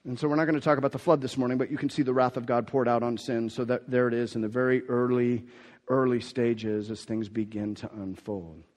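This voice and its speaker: A man's voice: medium pitch, level tone, a little fast, darkish tone. Emphatic preacher man in a reverberant hall. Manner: emphatic preaching, swelling and dropping in force. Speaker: pastor. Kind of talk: sermon.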